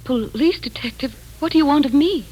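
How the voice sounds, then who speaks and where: An actress playing a frightened, fragile Victorian wife in 1940s radio acting style, with breathless, pleading and tremulous speech. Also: female voice, high-pitched, fairly quick, darkish tone, close to an everyday voice, poor audio. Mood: wary.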